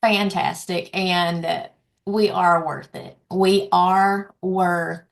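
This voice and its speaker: A woman's voice: on the low side, level tone, drawn-out words, creaky. A woman hosting a community event, bubbly and emphatic as she thanks a speaker and rallies her audience. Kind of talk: enthusiastic live event hosting.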